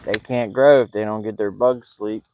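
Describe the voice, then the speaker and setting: A man's voice: fairly even intonation, normal speed, dark tone, a little hiss or hum, poor audio. A man telling stories and joking while fishing from a boat on a lake at night, keeping his voice down. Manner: chatty, joking, keeps his voice low. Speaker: fishing vlogger. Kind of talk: casual storytelling while fishing.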